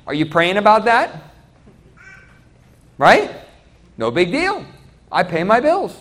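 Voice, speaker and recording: A man preaching a sermon, asking the congregation questions directly. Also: high voice. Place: church.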